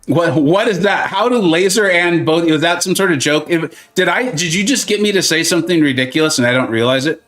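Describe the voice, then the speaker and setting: A man's voice: fairly high pitch, fairly quick, few pauses, fairly bright tone. A man hosting a gaming live stream and answering viewer questions in casual chat. He is playful and joking, drifts into silly tangents, and gives advice in a chatty, reassuring way.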